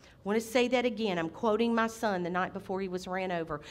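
A middle-aged woman preaching a sermon as senior pastor, impassioned, with sudden loud outbursts. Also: mid-range voice, quick pace.

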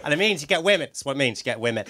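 A man's voice: a little high, lively intonation, rapid-fire, bright, forceful tone. A man doing a rambling stand-up routine in front of a small live audience, with lots of "right?" tags and laughing asides. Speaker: stand-up comedian.

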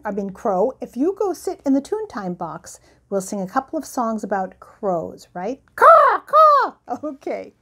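An older woman hosting a bedtime music show for children, speaking gently and directly to young listeners. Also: mid-range voice.

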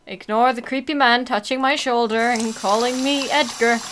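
A woman playing a horror game and commenting out loud, reading the text, swearing and reacting to scares. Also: fairly high pitch, fairly even intonation, normal speed, slight background noise. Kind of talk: let's-play commentary.

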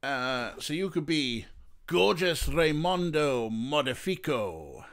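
A man's voice: on the high side, big pitch swings, takes it slowly, a bit bright. A man streaming a game, chatting casually with his viewers and laughing often, with faint game music behind. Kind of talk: casual let's-play commentary.

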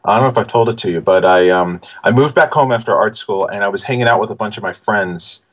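Animated man in his forties telling stories. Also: on the low side, quick pace. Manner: animated, many fillers and restarts. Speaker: guest. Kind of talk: casual interview storytelling.

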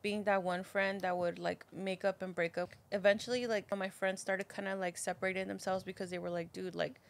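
A woman's voice: medium pitch, level tone, a little fast. A young woman co-hosting a podcast, talking earnestly in casual chat and giving advice from her own experience. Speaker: podcast host.

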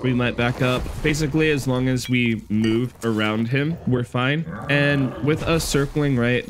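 A young man giving a relaxed, conversational voice-over guide to a video game boss fight. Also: medium pitch, background noise. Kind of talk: casual gameplay guide voice-over.

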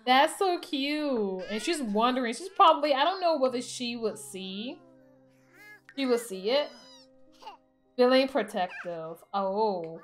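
Excitable woman chatting over a game. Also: on the high side, slow, soft background music. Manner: chatty, excitable, talks to her game characters. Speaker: gaming channel host. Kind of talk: casual let's-play commentary.

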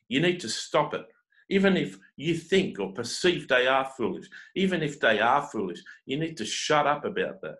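On poor audio, a man of medium pitch preaches with great animation at normal speed, his tone fairly bright. Calling himself a prophet and teacher, he scolds his audience with stacked rhetorical questions and frequently repeats words as he begins sentences.

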